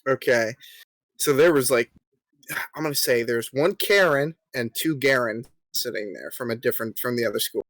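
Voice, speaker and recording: A young man co-hosting a podcast tells a story in casual conversation, full of ums, staying polite and acting out the quoted lines. His mid-range voice is fairly bright, at a moderate pace, with no echo.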